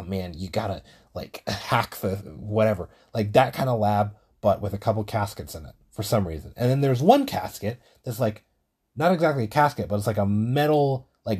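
A man hosting his own show, telling a story in a rambling, profane, casual monologue and getting louder when he is worked up. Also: slightly rough. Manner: gets loud and high-pitched when excited. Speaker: podcast host.

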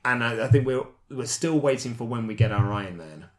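A man's voice: mid-range voice, expressive, brisk. A man hosting a casual podcast chat, laughing often and restarting his sentences. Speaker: podcast host and author.

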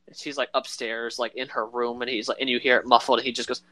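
A man's voice: mid-range voice, flat delivery, fast talker, sharp tone. A man co-hosting a casual chat about a film, rambling with lots of fillers and acting out quoted lines in voices. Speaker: podcast co-host.

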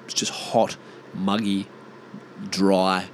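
A man in his thirties speaks in a broad Australian accent, rambling through a loose solo monologue and swearing often. His voice sits on the lower side, and a faint hum runs behind him. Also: normal speed. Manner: swears freely, mimics mates in exaggerated voices. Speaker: vlogger.

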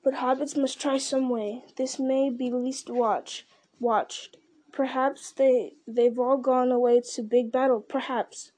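A sly, wheedling creature breathes his words in a thin, hissing whisper, drawing them out slowly, as a woman reads him. The voice sits a little higher than plain talk, crafty and creeping, from a read-aloud storybook. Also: fairly even intonation, a little mellow, rough recording.

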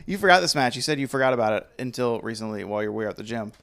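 A man's voice: mid-range voice, lively intonation, racing, vocal fry, fairly bright tone, smooth. A man co-hosting a podcast in casual chat, joking and rambling as he lists upcoming matches. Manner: joking, rambling, trails off and restarts. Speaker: podcast co-host. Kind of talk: casual chat predicting wrestling results.

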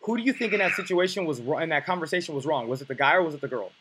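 A man's voice: fairly high pitch, animated, very fast, background noise. A man coaching on dating, teaching in a blunt, profane, emphatic way. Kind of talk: coaching lesson.

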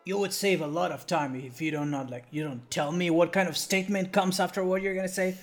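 A man's voice: high voice, steady tone, brisk. Man playing a polite wary carnival hand. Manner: polite, hesitant questions.

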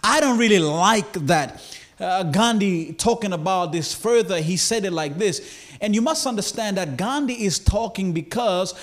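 A man preaching a sermon, slow and emphatic, building repeated phrases to a climax. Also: high-pitched, animated. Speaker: pastor.

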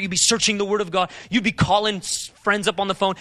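A man preaching a sermon, asking emphatic repeated questions and moving between urgent loud passages and quieter reflective talk. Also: sits high, fairly even intonation, fast, few pauses. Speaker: pastor.

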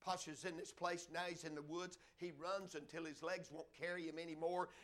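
A male preacher tells a story from the pulpit in a high, bright voice. He rises to loud, impassioned cries and then drops to a hushed, low delivery. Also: little pitch movement, moderate pace. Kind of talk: storytelling sermon.

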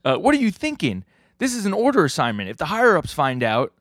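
A man's voice: medium pitch, fast, a bit bright, no room sound, clean studio sound, lightly acted. A man on a podcast voicing a flustered, rule-bound underling who scolds nervously. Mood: alarmed.

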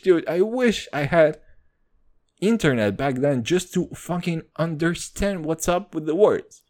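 A young man hosting a podcast, talking in a loose, excitable rush and swearing freely. His pitch leaps up and down all the time, and he keeps saying "dude". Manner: excitable, profane, says "dude" constantly. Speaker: podcast host. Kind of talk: casual chat.

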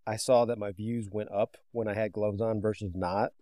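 A man's voice: fairly low pitch, steady tone, moderate pace, warm tone, dry recording. A man hosting a casual podcast chat, rambling and laughing often. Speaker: podcast host.

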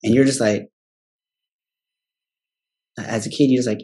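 A man's voice: mid-range voice, fairly even intonation, mellow, a little hiss or hum. A man shares a candid personal story in loose, profane talk. He ends nearly every phrase with a questioning "right?" and briefly slips into his relatives' voices as he quotes them. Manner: profane and blunt; acts out family members in quick quoted voices.

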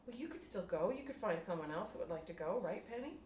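A woman's voice: lowish voice, expressive, quick pace, darkish tone, a little hiss or hum, close to an everyday voice. Woman reading as Rachel, a self-centered girl. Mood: coaxing. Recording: roomy room, distant mic.

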